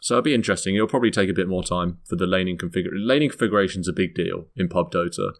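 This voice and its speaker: Deep-voiced British man hosting a podcast. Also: very fast. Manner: rambling, self-correcting, laughs often. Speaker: podcast host. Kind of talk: casual chat.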